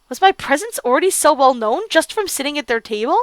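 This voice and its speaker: A woman's voice: high voice, animated, fast talker, few pauses, dry recording. A woman streamer reading a visual novel aloud and reacting with gasps and laughs. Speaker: let's play streamer.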